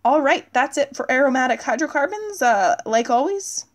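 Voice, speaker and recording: Her voice is high and expressive as this female teacher runs through a recorded chemistry lesson. She thinks aloud at the board, dropping in "uh" and "okay" whenever she pauses.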